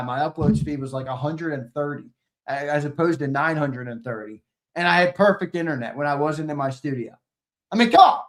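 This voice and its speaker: A male sports show host with a fairly high-pitched voice chats casually with his livestream viewers. He's foul-mouthed and excitable, ranting and bursting out loudly at times, joking around and laughing at their comments.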